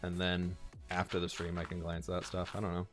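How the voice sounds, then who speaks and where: A man's voice: low-pitched, monotone, a little fast, faint music behind. A man streaming live, chatting casually and thinking aloud as he answers chat and builds in a game.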